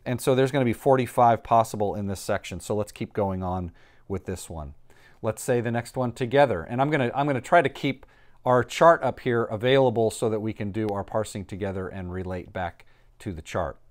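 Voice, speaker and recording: A man's voice: on the low side, fairly quick. A man teaching a recorded lesson. He talks patiently and reassuringly, explains step by step and thinks aloud while he writes on a board. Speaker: Greek teacher.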